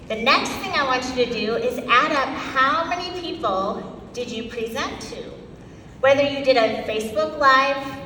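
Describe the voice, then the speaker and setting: A woman giving an energetic motivational talk at a sales event, quizzing the audience and acting out her own past self. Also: a little high. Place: large event hall. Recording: echoey hall from far off, faint noise.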